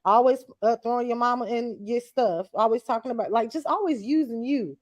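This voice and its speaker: A woman's voice: fairly high pitch, fairly quick. A woman co-hosting a casual reality-TV recap chat, blunt and slangy, laughing often. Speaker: podcast co-host.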